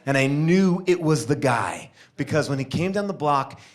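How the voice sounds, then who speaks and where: A man doing stand-up storytelling into a stage mic, with a high, lively voice that leaps up and down. He acts out each person in the story as he goes. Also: moderate pace. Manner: animated, acts out every character in the story. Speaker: stand-up comedian.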